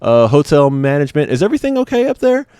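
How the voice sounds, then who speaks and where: A flustered woman on the hotel phone line, high and lifted, who keeps restarting her sentences and will not let the matter drop, as a man puts her on. The voice is smooth and close, with no room around it. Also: big pitch swings, dark tone, no room sound. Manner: halting, repeated restarts. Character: flustered female hotel operator, persistent.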